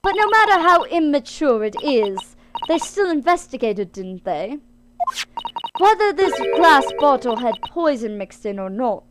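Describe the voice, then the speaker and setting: A woman's voice: sits high, big pitch swings, heavy background noise. A woman putting on a prim British lady. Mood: cool, cutting. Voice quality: put-on British accent. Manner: slow, cold, formal politeness. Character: prim, cutting British lady of high standing.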